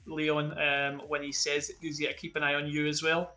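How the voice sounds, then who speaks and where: A man's voice: on the high side, completely flat delivery, moderate pace, bright, forceful tone, faint music behind. A man running a tabletop game as game master, narrating in a loose, rambling way.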